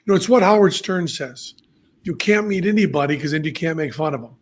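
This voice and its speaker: A man hosting a podcast, telling stories in a casual, animated way and laughing at his own anecdotes. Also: a little high, a little fast. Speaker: podcast host. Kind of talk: casual storytelling chat.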